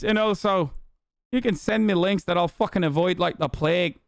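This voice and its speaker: A young man of Turkish origin, hosting a live stream with profane, animated ranting commentary. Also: sits high, moderate pace, vocal fry, no room sound, studio quality. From Turkey.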